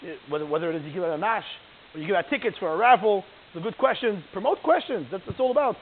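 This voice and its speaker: Man, rabbi lecturing, high voice, lively yeshiva singsong, faint hiss. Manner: animated, fast, Yiddish-inflected yeshiva cadence with Hebrew terms. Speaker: rabbi giving a Torah class. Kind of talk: Torah lecture. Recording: tinny phone-like line with hiss.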